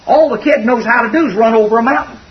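A man's voice: very high voice, quick pace. A man preaching a sermon in a folksy, conversational and earnest way. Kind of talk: expository sermon. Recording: dull distant recording.

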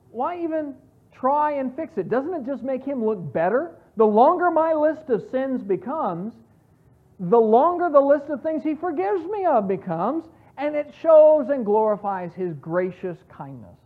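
A woman teaching a Bible study, explaining scripture in an earnest, emphatic way with frequent restarts. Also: a little high. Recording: tinny phone-like sound.

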